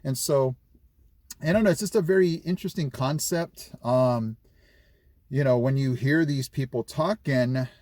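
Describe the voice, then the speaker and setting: A man's voice: medium pitch, a little slow, a little mellow, dry recording. A middle-aged man from California chatting casually in a vlog, rambling with lots of fillers and restarts. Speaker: vlogger.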